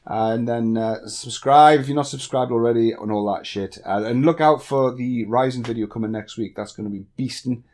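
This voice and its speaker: A man from northeast England with a softened northeast English accent, answering viewer questions bluntly in a casual vlog. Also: mid-range voice, moderate pace, hardly any pauses. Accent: northeast English, toned down. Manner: blunt, candid, chatty with swearing. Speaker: YouTube tech tutorial creator.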